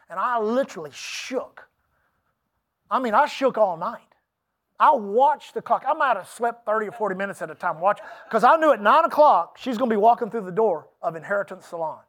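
Casting: middle-aged man, pastor, emphatic folksy sermon storyteller, high-pitched voice. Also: expressive, a little fast, a bit bright. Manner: storytelling, folksy and emphatic, with laughs and asides to the congregation.

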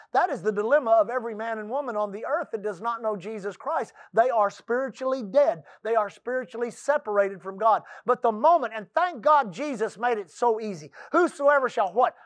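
A high-pitched male preacher from the Texas coast, delivering a folksy church sermon. He calls out for amens and slips into a hushed low voice for quotes. The sound is dry and close. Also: dry recording.

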